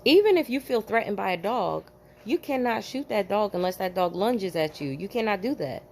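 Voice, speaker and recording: A woman from New Jersey, a former police officer, telling a story to camera in an animated, profane, emphatic way, with bursts of laughter. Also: medium pitch, a little hiss or hum.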